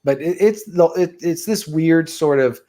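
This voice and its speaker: A man's voice: fairly high pitch, unhurried, warm tone. A man co-hosting a casual podcast chat, rambling and giggling. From Pacific Northwest.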